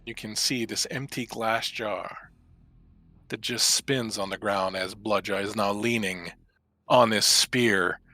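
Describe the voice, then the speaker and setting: Guy running a tabletop game on a call, gravelly and kinda bright, tells it all dramatic. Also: fairly low pitch, steady tone, slow pace. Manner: descriptive, dramatic storytelling. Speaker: game master. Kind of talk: narrating a tabletop game over a video call.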